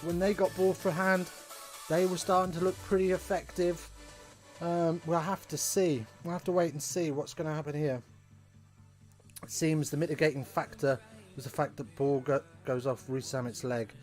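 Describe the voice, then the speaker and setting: A man's voice: on the high side, steady tone, moderate pace, faint music behind. A man hosting a live rugby watch-along from home, chatting casually with rambling, wry asides.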